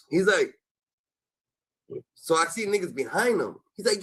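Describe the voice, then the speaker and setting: Man, high bright voice, animated street storytelling, profane slang, acts out voices. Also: moderate pace, long pauses, breathy edge, poor audio. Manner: animated storytelling, acting out quoted voices with jumps in pitch. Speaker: host. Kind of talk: casual chat, storytelling.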